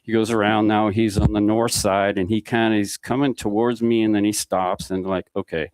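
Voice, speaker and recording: Man, low voice, podcast guest, rambling storyteller, dry close mic. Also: level tone, normal speed, darkish tone, dry recording. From Mississippi Gulf Coast. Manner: rambling anecdotal storyteller acting out dialogue. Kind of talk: casual storytelling.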